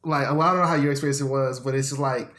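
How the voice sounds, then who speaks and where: A man's voice: mid-range voice, fairly even intonation, quick pace, a bit bright. A young man co-hosting a podcast, rambling through his points with lots of fillers. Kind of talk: casual chat.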